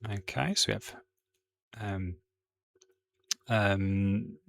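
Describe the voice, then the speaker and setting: A man's voice: lowish voice, steady tone, drawn-out words, creaky. A man with a Birmingham accent teaching a poem to students in a loose, conversational way, with many fillers and restarts. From England.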